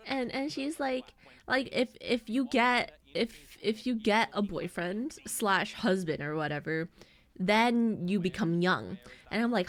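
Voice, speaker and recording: A woman's voice: on the high side, a little slow. A woman in her twenties, a streamer chatting casually and rambling through a story while acting out her family's lines. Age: 20s. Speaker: VTuber streamer.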